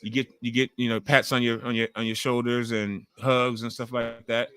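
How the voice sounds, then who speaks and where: Host type: man in his forties, loud and chatty, bright, forceful tone, swears freely while reacting to wrestling live. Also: medium pitch, little pitch movement, moderate pace, clean tone. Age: 40s. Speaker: livestream host. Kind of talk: casual live wrestling watch-along commentary.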